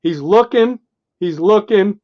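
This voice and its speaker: A man co-hosting a podcast, casually and excitedly walking through comic book pages and acting out the characters' lines. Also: sits high, lo-fi sound. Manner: excited, retells panels and acts out the dialogue in quick bits. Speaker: podcast co-host.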